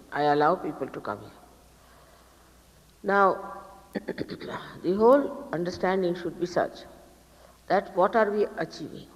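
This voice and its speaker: A woman with an Indian accent giving a spiritual talk to followers, admonishing and instructive, pausing often with fillers. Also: on the low side. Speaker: spiritual teacher. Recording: reverberant 1980s archive talk recording.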